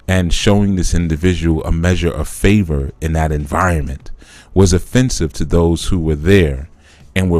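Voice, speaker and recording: A man's voice: deep voice, a little mellow, no room sound. A man hosting a live spiritual teaching talk, explaining through a conversational parable that he acts out.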